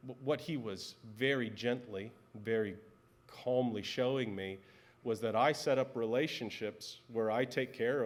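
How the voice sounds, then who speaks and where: A male pastor in his thirties delivers a sermon in an easy, conversational tone. His voice sits at an ordinary middle pitch. He slips personal stories into his teaching.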